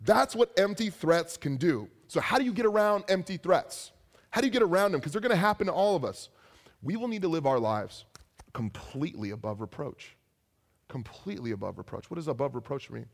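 Lively, animated young male preacher. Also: fairly high pitch, a little fast, creaky. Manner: animated storytelling with asides. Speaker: pastor. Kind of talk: sermon.

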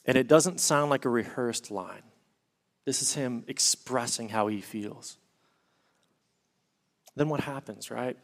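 An earnest man gives a sermon at an ordinary middle pitch. He explains the text and reads scripture passages aloud. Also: takes it slowly, gravelly, pauses often. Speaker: pastor.

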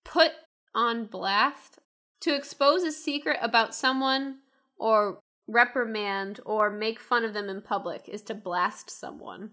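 A woman's voice: fairly high pitch, takes it slowly, bright, forceful tone. A woman hosting a casual podcast over a remote call, chatty and self-mocking, laughing often. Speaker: podcast host. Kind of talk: casual chat.

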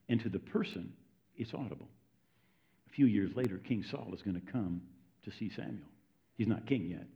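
A man preaching a sermon in a conversational, storytelling way, often checking in with his listeners. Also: on the low side. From United States. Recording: dull lo-fi recording.

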